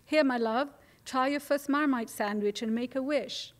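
A woman's voice: sits high, moderate pace, voice pushed up, lightly acted. A woman voicing a cheerful, barefoot British hippie mother who talks in a sing-song, affectionate way. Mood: gushing.

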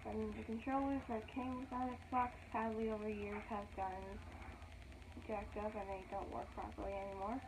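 A woman's voice: mid-range voice, little pitch movement, normal speed. A young woman rambling casually while showing off her Christmas gifts, often correcting herself, recorded at home on a phone. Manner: rambling, chatty, self-correcting. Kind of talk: casual show-and-tell. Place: home living room. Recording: tinny phone audio with loud noise.

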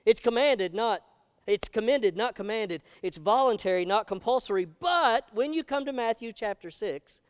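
A pastor preaching in a high, smooth, resonant voice. He is animated and emphatic and keeps asking his congregation questions. The sound is dry and close. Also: normal speed, dry recording. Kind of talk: sermon. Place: church sanctuary.

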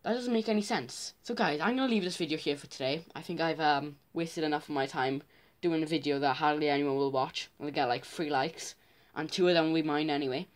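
A man's voice: fairly high pitch, fairly quick. A teenage boy chats casually as a vlogger, reacting to his own old videos. He pokes fun at himself, half laughing and half groaning, in a loose, chatty way. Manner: self-mocking, chatty.

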